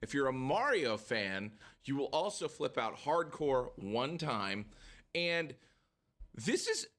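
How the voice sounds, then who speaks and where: Enthusiastic man with a lively voice. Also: mid-range voice, takes it slowly. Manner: enthusiastic, emphatic recommending. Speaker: podcast producer. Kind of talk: casual podcast banter. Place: podcast studio.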